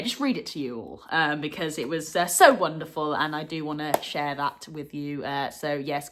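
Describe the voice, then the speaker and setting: A young adult woman hosting a retro gaming vlog, talking to viewers in a heartfelt, chatty way, full of fillers and quick laughs. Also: low-pitched, a bit bright. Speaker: retro gaming channel host. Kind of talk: casual vlog chat to viewers.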